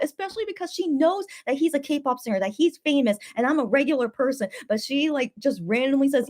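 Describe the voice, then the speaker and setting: A young woman vlogger in casual late-night chat, excitable and rambling, often repeating her words as she tells a story. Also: fairly high pitch, fast, few pauses.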